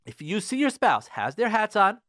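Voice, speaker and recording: Animated radio host, man, lively pitch. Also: moderate pace, dry recording, studio quality. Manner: animated, repeats himself, acts out spouses' complaints. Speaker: radio show host giving relationship advice. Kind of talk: casual spoken lecture to listeners.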